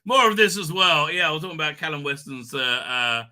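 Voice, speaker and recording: A man with a croaky voice from being sick, hosting a rambling casual livestream. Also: fairly high pitch, lively intonation, a little fast, bright, forceful tone. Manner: rambling, many restarts and fillers. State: hoarse from illness. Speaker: livestream host.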